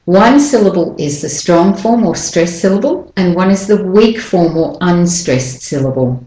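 Slow, low-voiced woman teaching pronunciation. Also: lively intonation, dark tone, reverberant, rough recording. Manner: slow, careful, deliberate demonstration of sounds. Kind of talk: spoken English pronunciation lesson.

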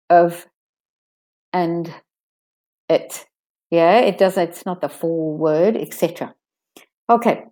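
Woman, pronunciation teacher, slow and careful, slightly low voice, stresses key words. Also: mellow. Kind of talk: pronunciation lesson, modeling sentences for repetition.

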